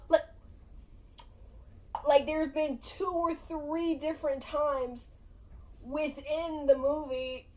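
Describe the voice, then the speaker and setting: A woman's voice: sits high, fairly even intonation, slow, a little mellow. A woman casually retelling a movie's plot to her viewers, chatty and laughing as she goes. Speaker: movie reaction vlogger.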